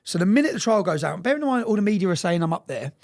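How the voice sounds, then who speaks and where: A man telling a story fast and bluntly in a casual interview, swearing freely and often checking in with "yeah?". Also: sits high, very animated, darkish tone.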